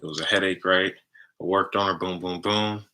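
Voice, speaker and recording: A man's voice: sits low, fairly even intonation, moderate pace, pushed and bright. A man talking casually about energy healing, tagging almost every phrase with "right?". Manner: chatty, tags nearly every phrase with "right?". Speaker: spiritual healer and content creator. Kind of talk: casual promotional monologue.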